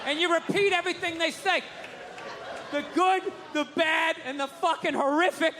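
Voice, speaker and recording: A man's voice: extremely high pitch, fairly even intonation, moderate pace. A man doing a profane, ranting stand-up comedy routine, mocking people with put-on voices. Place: comedy stage before a live audience. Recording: reverberant venue with crowd and noise.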